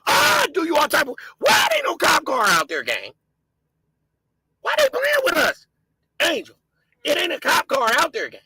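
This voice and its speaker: A man hosting a show, giving heated, profane commentary on video footage and often breaking into shouts as he talks to his viewers. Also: very high-pitched, creaky, no room sound, poor audio. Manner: impassioned, shouting, profane, addresses viewers as gang.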